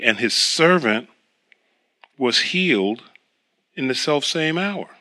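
A man's voice: mid-range voice, expressive, unhurried, pauses often, sharp tone. A man preaching a sermon, reading scripture aloud and then explaining it in a conversational way.

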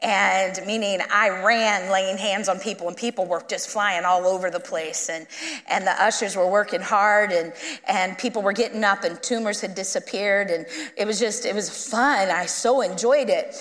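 A woman guest minister telling a story in a sermon, lively and conversational, acting out the people she quotes. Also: medium pitch, moderate pace, big-room sound. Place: church sanctuary.

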